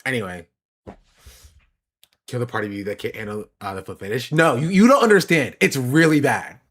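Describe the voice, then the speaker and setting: A male streamer talks casually with his chat, answering questions as they come in. His pitch swings widely, and he laughs a lot and repeats himself to drive a point home. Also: animated, moderate pace, fairly bright tone, slightly rough. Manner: laughs often and repeats phrases for emphasis.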